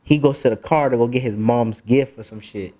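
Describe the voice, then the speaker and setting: A man's voice: medium pitch, a little fast. A man, a podcast co-host telling a story in casual chat, laughing and acting out the people in it. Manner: animated, laughing, acts out voices in the story.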